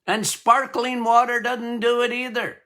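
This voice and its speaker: A man's voice: very high-pitched, flat delivery, unhurried, pushed and bright. Emphatic doctor hammering his points home. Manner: jokey, laughs at his own lines. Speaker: doctor and podcast host. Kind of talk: health podcast talk.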